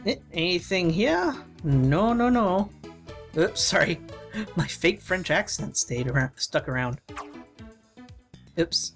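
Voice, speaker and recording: A woman's voice: sits low, vocal fry. A woman streamer giving casual let's-play commentary, laughing and correcting herself as she goes.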